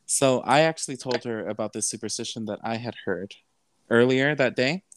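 In a casual podcast appearance, a man emotionally and earnestly retells something personal, code-switching between English and Spanish with frequent "you know"s. He has a medium pitch and a moderate pace, with a little hiss or hum in the audio.

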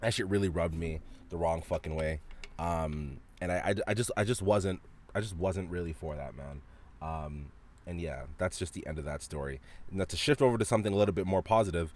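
A male podcast host telling a story as a profane, animated rant, coughing now and then from a dry throat. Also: low-pitched, fairly quick, a little hiss or hum. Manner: profane, animated, frequent restarts.

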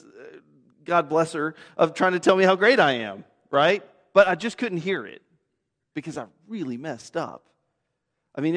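Pastor, man, 30s, slightly high voice, chatty self-deprecating sermon, long church reverb. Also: fairly bright tone. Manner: conversational, self-deprecating, repeats words when starting a thought. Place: church sanctuary.

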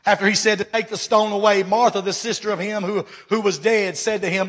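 A man preaching a sermon to his church, swinging from loud calls to hushed asides. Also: high-pitched, steady tone, fairly quick, hardly any pauses, big-room sound. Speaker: pastor.

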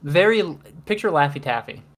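A woman's voice: low voice, lively intonation, fairly quick. A woman co-hosting a podcast in casual chat, rambling with lots of filler words and laughing often. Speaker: podcast co-host.

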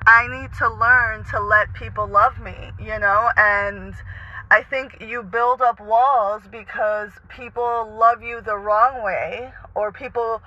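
A man's voice: high-pitched, fairly even intonation, takes it slowly, bright, forceful tone. A man talking casually while driving his car, chatty, sprinkling in Spanish words and swearing freely. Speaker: artist vlogger. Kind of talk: casual monologue to camera. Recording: slightly muffled with faint road noise.

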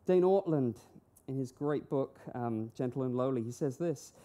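A woman's voice: a bass voice, moderate pace, mellow. A woman preaching a sermon, emphatic and full of rhetorical questions that she answers herself. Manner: emphatic, uses rhetorical questions and acted-out quotes.

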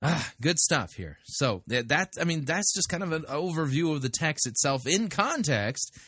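A man's voice: a little high, very animated, moderate pace, pushed and bright, breathy edge, dry recording, studio quality. A man hosting a show, giving blunt, sarcastic commentary on a sermon. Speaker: podcast host critiquing sermons. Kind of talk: casual commentary.

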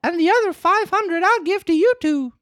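Woman doing a gullible puppet boy, high and excited, wide-eyed, dry close sound, storybook. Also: moderate pace, no room sound. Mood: wondering. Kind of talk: storybook read-aloud.

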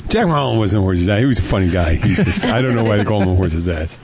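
Radio guy cracking jokes and cussing on air, faint hiss behind. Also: fairly low pitch. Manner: joking, tells jokes with voiced characters; swears freely, laughs often. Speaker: radio show host. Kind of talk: casual on-air banter.

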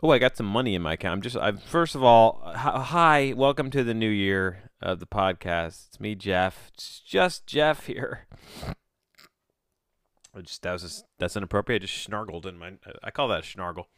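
A man's voice: on the low side, animated, brisk, hardly any pauses, fairly bright tone, dry recording, clean studio sound. A man hosting his own podcast, talking in a rambling, offhand way on a home mic and often breaking off mid-sentence. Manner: rambling, offhand, self-interrupting. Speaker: podcast host. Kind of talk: casual solo podcast monologue.

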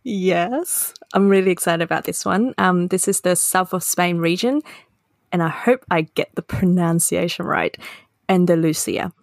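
A woman co-hosting a casual podcast, chatting and explaining her travel memories in a lively storytelling way. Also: lowish voice, moderate pace, gravelly, no room sound, clean studio sound. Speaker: podcast co-host. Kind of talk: casual chat.

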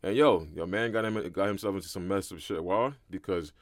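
A man's voice: sits low, brisk, no room sound, studio quality. A young man with a Brooklyn accent, chatting on a podcast and telling street stories with plenty of "feel me.". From Brooklyn, New York. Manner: streetwise storytelling, says "feel me" often. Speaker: podcast co-host. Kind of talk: casual podcast chat.

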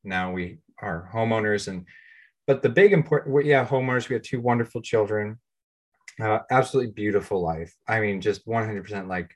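An American man in his thirties with a somewhat low-pitched voice shares his own story on a podcast. He talks casually and candidly, poking fun at himself along the way. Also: fairly quick. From United States. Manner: candid, self-deprecating, plain-spoken. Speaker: podcast co-host.

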